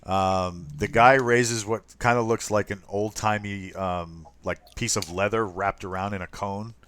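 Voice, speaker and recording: A man narrating as game master of a tabletop game, halting with many ums and uhs. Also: fairly low pitch, fairly even intonation, a bit bright, slight background noise.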